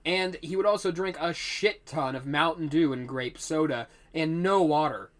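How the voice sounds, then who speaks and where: A man's voice: fairly high pitch, moderate pace. A young man telling a rambling, profane storytime vlog.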